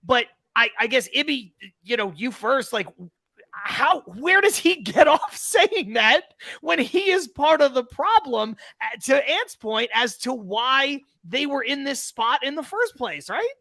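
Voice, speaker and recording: Forceful New sports podcaster. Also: male voice, extremely high pitch, sing-song, a little slow, creaky, no echo. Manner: emphatic, argumentative. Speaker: podcast co-host. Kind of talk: opinionated sports talk.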